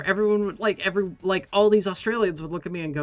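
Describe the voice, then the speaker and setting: A man's voice: sits high, fast talker, dry recording, soft background music. An American man streaming a game and rambling casually, often laughing and swearing. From United States.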